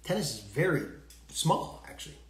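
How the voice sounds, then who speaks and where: A man's voice: a little high, sing-song, normal speed. Guy from the us doing a live stream, rambly and laughing a lot, roomy echo around him. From United States. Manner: chatty, rambling, laughs often. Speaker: podcast host. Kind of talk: casual live stream chat. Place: far-off room in a hotel.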